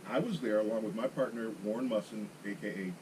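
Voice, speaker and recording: A man's voice: fairly low pitch, fast talker, background noise. A man guesting on a golf chat show, retelling a round with dry, mock-serious humor. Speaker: guest golfer. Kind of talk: casual chat.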